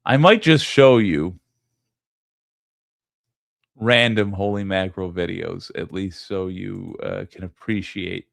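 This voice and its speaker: A man casually commenting on videos during a live stream, amused and thinking aloud with pauses. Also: low-pitched, gravelly.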